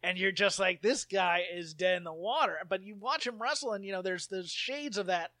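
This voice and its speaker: Podcast co-host, male, high and bright, rambling storyteller, dry close mic. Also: moderate pace, no echo. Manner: rambling, animated storytelling with impressions. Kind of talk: casual chat.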